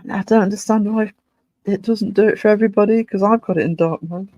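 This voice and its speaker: Talking fast in a high, warm voice with fairly even intonation, a livestream host reads viewer comments aloud and greets people by name in casual chat. The recording is dry and lo-fi.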